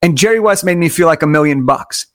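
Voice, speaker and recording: A man telling stories as an interview guest, energetic and enthusiastic, stressing his points through repetition. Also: fairly high pitch, quick pace. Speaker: podcast guest. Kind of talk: conversational storytelling.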